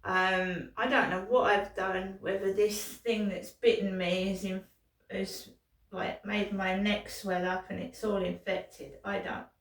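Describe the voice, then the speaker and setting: A middle-aged British woman in pain rambles through a profane vlog monologue full of restarts. Her voice is gravelly, slightly high, and slow. She sits away from the mic in an echoey room. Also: little pitch movement, distant mic. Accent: British English. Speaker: vlogger.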